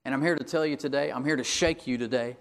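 A man's voice: mid-range voice, fast. A man preaching a sermon, building to emphatic bursts and calling out to his congregation for agreement. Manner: emphatic preaching with rising bursts and call-and-response asides. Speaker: pastor.

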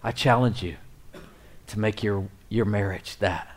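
A middle-aged man preaching a sermon, swinging between loud, excited appeals and quiet, near-whispered asides. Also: on the low side, measured pace. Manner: animated preaching, rising and dropping to near whispers. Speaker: pastor.

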